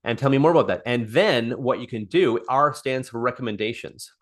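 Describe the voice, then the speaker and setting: A man's voice: mid-range voice, a little fast. Man coaching sales on a call. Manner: repetitive, restarts phrases, acts out sample dialogue. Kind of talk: live online coaching session.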